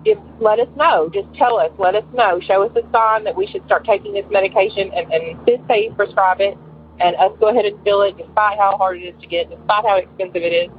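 A woman's voice: medium pitch, a little fast. A woman in her forties calling in to tell a personal story, rambling and emotional with many fillers. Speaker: caller. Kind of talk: telling a personal story on a call-in show. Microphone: phone. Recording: tinny phone line with faint hiss.

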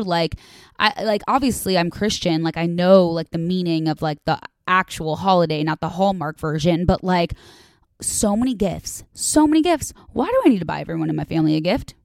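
A woman's voice: lowish voice, dry recording, studio quality. Chatty, dramatic young woman podcast host. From Chicago area, USA. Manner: chatty and dramatic, with lots of "like" and casual swearing. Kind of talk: casual confessional monologue. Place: home, a condo.

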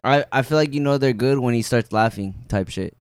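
A man's voice: mid-range voice, fairly quick, clean tone. A young man co-hosting a podcast, laid-back and joking. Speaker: podcast co-host. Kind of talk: casual chat.

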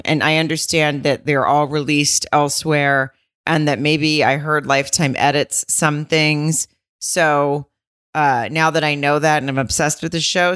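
A woman's voice: deep voice, a bit bright, no room sound, studio quality. A woman co-hosting a podcast in casual chat, chatty and laughing often, swearing casually. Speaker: podcast co-host.

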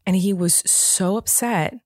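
A woman in her thirties co-hosts a casual podcast, telling family stories with animated energy. Her voice sits at a medium pitch and is recorded close and dry, with no room sound. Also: unhurried, no room sound. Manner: animated storytelling with laughter. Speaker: podcast co-host. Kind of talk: casual chat.

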